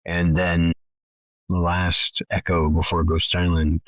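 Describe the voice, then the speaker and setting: A man's voice: deep voice, level tone, a little slow, dry recording, low-quality recording. A man narrating a tabletop game as game master over a voice call, describing scenes at length. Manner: descriptive, laughs while narrating.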